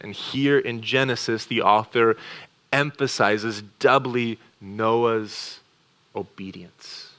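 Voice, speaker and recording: A man preaching a sermon as pastor. He talks earnestly, moves between quick asides and slow, weighty phrases, and drops to a hush on key words. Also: fairly low pitch.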